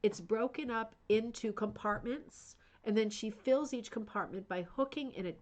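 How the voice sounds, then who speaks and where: A woman's voice: fairly high pitch, normal speed. A woman hosting a rug hooking club's live stream, chatting enthusiastically about a book and reading out viewer comments. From United States. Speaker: host of a rug hooking club channel.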